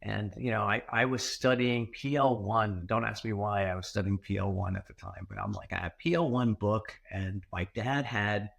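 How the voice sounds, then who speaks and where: A man who is a former tech executive, telling a story as a podcast guest in an animated way, with fillers and self-corrections. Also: lowish voice, moderate pace, creaky, hardly any pauses.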